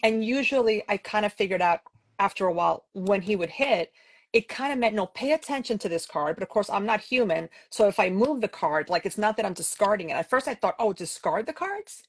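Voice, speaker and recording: This medium-pitched, fairly quick woman has a slightly rough voice and hails from New York City. Co-hosting a podcast, she tells stories in a casual, animated way, often acting out what she said back then and saying "like" a lot.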